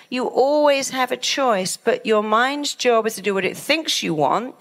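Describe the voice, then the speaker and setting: A middle-aged woman, a therapist, speaking to an audience in a lively way and acting out the dialogue in her stories. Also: fairly high pitch, moderate pace, few pauses. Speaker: therapist and author. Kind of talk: talk to an audience.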